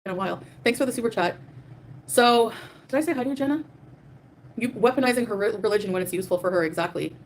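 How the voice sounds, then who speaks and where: Reading super chats on her livestream, a young woman rants at her chat in a defiant, profane way, using lots of fillers. Her fairly high voice has lively intonation; she talks fast but pauses often, over slight background noise.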